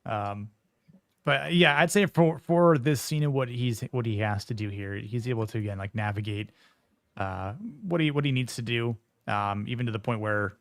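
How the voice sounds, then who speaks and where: A man's voice: mid-range voice, normal speed, no room sound, studio quality. A man hosting a casual film discussion, rambling along with lots of fillers and restarts.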